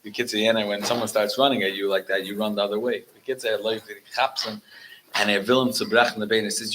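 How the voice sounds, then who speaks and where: A man's voice: fairly low pitch, a little fast, background noise. A man speaking as guest rabbi at a religious gathering, telling stories with frequent restarts and Yiddish and Hebrew words mixed in. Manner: animated storyteller, mixing in Yiddish and Hebrew words. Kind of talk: storytelling talk at a religious gathering.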